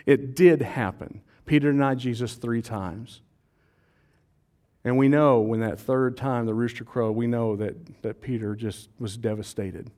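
This pastor's sermon comes at a measured pace in a medium-pitched voice, yet it's animated and conversational, full of questions for the congregation and shared jokes.

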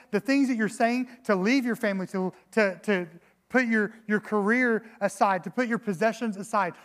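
Guy preaching a sermon, kinda high voice, earnest, trips over his words a lot. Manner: earnest, restarts and repeats words, acts out quotes. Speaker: pastor.

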